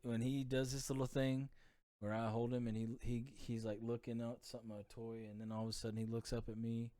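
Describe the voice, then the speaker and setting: A man's voice: mid-range voice, little pitch movement, fairly quick, mellow, no echo, clean studio sound. A man hosting a casual parenting podcast, laid-back and openly emotional, greeting his chat by name. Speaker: podcast host.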